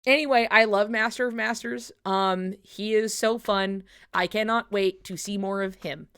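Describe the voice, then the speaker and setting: A woman's voice: medium pitch, steady tone, moderate pace, a bit bright, smooth. A woman streamer chatting casually during a watch-along, rambling with lots of fillers, swearing and frequent laughter.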